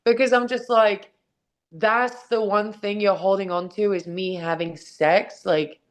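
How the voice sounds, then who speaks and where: A woman's voice: medium pitch, steady tone, measured pace. A woman guest, a wrestler and author, talking candidly and emotionally at home, swearing freely and speaking bluntly. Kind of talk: candid interview over a call. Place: at home with her dog nearby.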